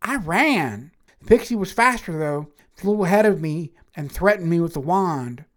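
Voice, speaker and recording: A woman's voice: on the low side, lively intonation, normal speed. A woman reading a first-person fantasy story aloud in a wry, matter-of-fact way.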